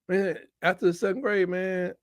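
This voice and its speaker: A man's voice: sits high, fairly even intonation, moderate pace, no room sound. A man co-hosting a casual sports debate, telling stories playfully and laughing often. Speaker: co-host, Alabama fan.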